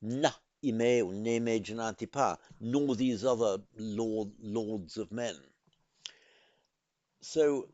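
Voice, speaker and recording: A man teaching a language lesson in a careful, methodical way, pausing to correct himself. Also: lowish voice, darkish tone, no echo, lo-fi sound. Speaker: Sanskrit teacher. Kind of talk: explanatory lesson.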